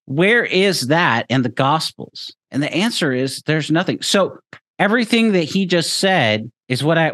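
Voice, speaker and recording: A man's voice: on the high side, fairly bright tone, no echo. A man hosting a show, giving emphatic critical commentary, repeating his points and speaking straight to the person he criticizes. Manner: emphatic, repeats himself, addresses the preacher directly. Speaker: host.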